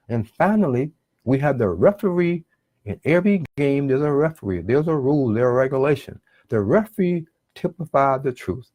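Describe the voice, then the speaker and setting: A man's voice: mid-range voice, sing-song, moderate pace, darkish tone, no room sound. Earnest male preacher, dry sound. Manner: earnest, repetitive, acts out quoted dialogue. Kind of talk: sermon on relationships.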